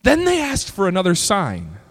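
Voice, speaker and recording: A male pastor preaching a sermon, reading scripture slowly and breaking into shouted bursts. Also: high-pitched, huge pitch swings, in a large hall.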